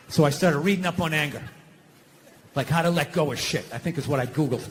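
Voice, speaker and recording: A man doing profane, exasperated stand-up comedy, ranting and acting out shouted confrontations. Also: a little high, a little fast, slight background noise. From United States.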